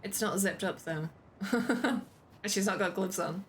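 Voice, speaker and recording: A woman's voice: medium pitch, measured pace, a little hiss or hum. A woman streaming a game, chatting casually, laughing often, and reading on-screen text aloud.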